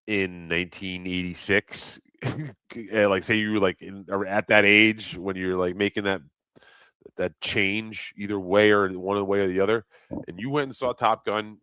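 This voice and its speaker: A man's voice: deep voice, fairly bright tone, clear, resonant tone, no room sound. A middle-aged man rambling crudely in a casual livestream chat, reading comments aloud and laughing at himself.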